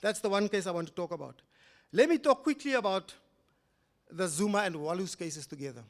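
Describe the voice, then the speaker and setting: In a lecture hall, an older South African man delivers a public lecture, recounting a case like a story. His voice swings from loud, emphatic rises to quiet, low asides, and he speaks in an animated, fairly quick way.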